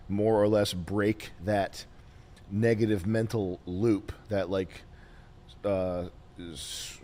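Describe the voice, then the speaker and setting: A man hosting a casual podcast, ranting with lots of swearing, then settling into quieter musing. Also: lowish voice. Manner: profane, emphatic, trailing into quiet musing. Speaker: show host.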